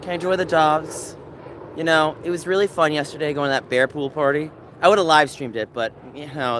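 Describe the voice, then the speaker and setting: A man with a medium-pitched, fairly bright voice walks through a dog park while live streaming. Rambling loosely, he reads the chat aloud and chats with dogs, while barking and faint outdoor ambience sit in the background.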